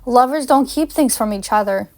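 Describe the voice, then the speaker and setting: A woman's voice: fairly high pitch, normal speed, darkish tone, close to an everyday voice. A woman reading the lines of a fiery, hurt young female student with heated, rising delivery. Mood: indignant.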